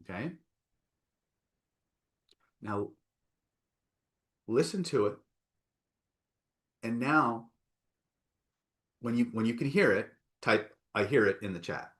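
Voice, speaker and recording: A man's voice: medium pitch, slow, long pauses, fairly bright tone. A man teaching a live online self-help session, coaxing and emphatic, often checking in with "right?" and "okay?". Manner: coaxing, repeats "right?" and "okay?", reads out chat replies.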